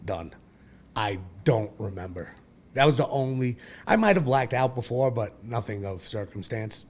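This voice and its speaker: A man's voice: mid-range voice, moderate pace. A man, telling his own story as a podcast guest in a blunt, profane, rambling way. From Brooklyn, New York. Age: 40s. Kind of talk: candid personal storytelling.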